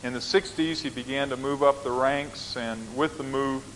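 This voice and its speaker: A man preaching a sermon as a pastor, telling a personal story in a slow, gentle way with rising emphasis. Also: medium pitch, slight background noise. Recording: long reverb of a large hall.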